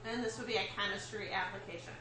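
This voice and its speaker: A woman's voice: mid-range voice, fast talker, noisy background. A woman teaching a chemistry lesson, explaining step by step and checking in with her students. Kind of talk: classroom lecture. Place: classroom. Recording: echoey classroom with faint ambience.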